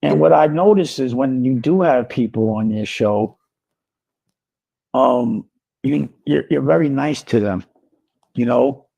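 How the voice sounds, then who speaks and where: A man speaking calmly and deliberately, giving advice in a measured, lecturing tone. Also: mid-range voice, vocal fry, breathy edge, dull audio. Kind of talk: measured spoken advice in a recorded clip.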